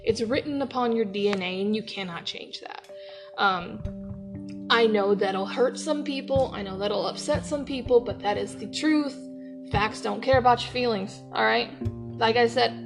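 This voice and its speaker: A woman hosting an opinionated podcast rant from her workplace, heated and profane, swinging between yelling and laughing. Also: a little high, moderate pace, creaky, over music. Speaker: podcast host.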